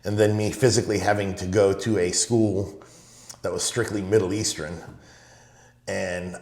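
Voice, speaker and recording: A man's voice: deep voice, level tone, normal speed, darkish tone, reverberant. A middle-aged man from Los Angeles, telling stories in a casual, rambling way and often saying "you know". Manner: rambling, fills with "you know", retells his father's sayings. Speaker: guest. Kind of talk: casual storytelling.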